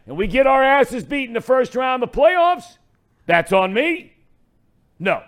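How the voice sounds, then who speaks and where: A man's voice: very high-pitched, very animated, unhurried, a bit bright. A middle-aged man hosting a sports talk radio show, ranting in a fired-up way.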